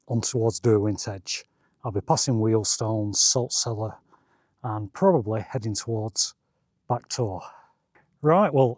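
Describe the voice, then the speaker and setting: Man, out of breath, casual hiking vlog, medium pitch, dry close sound, outdoors on moorland. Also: a little mellow, dry recording. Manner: chatty and easygoing, chuckles between remarks. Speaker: wild camping vlogger. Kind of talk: casual talk to camera while hiking. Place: open windy moorland hilltop outdoors.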